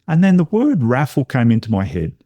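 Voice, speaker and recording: A middle-aged man, a podcast guest telling a personal story in a lively way and acting out what others said. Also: mid-range voice, fairly quick, dry recording. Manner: animated storyteller who acts out other people's lines. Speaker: podcast guest, intuition coach.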